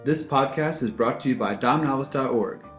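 A man reads the closing credits in a plain, measured voice. The room rings with echo and faint guitar music plays underneath. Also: mid-range voice. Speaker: podcast announcer. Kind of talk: scripted outro.

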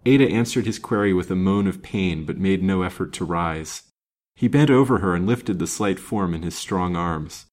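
Sex: male. Role: storyteller. Style: reading a classic novel aloud. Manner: steady, measured. Pitch: low.

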